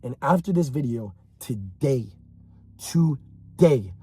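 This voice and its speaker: A man's voice: mid-range voice, expressive, a little slow, long pauses, breathy edge, no room sound. Intense, blunt young man, dry sound. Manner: intense, blunt, swings from mocking mimicry to shouting. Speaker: motivational speaker. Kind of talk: motivational monologue.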